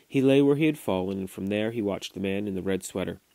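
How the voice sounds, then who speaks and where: A man reading a classic novel aloud to his children, at a steady storytelling pace with small restarts. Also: low-pitched, fast, gravelly, dry recording. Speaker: father reading to his kids. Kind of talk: audiobook narration. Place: home recording.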